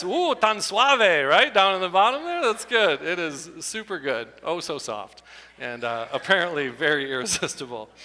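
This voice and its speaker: A middle-aged man doing stand-up comedy with slides at a church show, animated and breaking into loud exclamations. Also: high-pitched. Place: church hall before an audience. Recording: long hall reverb.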